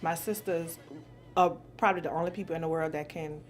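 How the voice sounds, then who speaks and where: A woman's voice: deep voice, steady tone, a little fast, soft background music. A woman in her forties from New Orleans, answering questions in a blunt, profane casual chat and laughing easily. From New Orleans, USA. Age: 40s.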